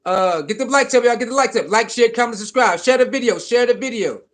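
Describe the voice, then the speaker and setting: High voiced guy livestreaming, loose and repetitive, reading chat out loud. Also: fast talker. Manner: animated, repetitive, reads chat comments aloud. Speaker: livestream host.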